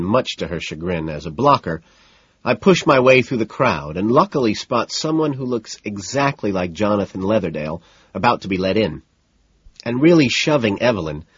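Low husky guy reading a novel, sardonic and deadpan, kinda dull dry audio. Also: no room sound. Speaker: audiobook narrator. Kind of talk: first-person fiction narration.

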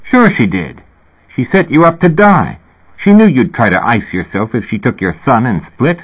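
A man voicing a loud, bullying male therapist who yells and hectors. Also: medium pitch, sing-song, moderate pace, slightly rough. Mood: hectoring. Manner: yelling, hectoring. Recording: tinny phone-like recording.

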